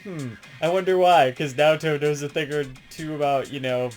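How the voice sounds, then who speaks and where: Rambling gamer vlogger, swears constantly, laughs a lot, gets super hyped, mid-pitched voice, faint music underneath. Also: normal speed. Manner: rambling, profane, laughs often, excitable. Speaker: gaming video host. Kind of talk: casual rambling retrospective.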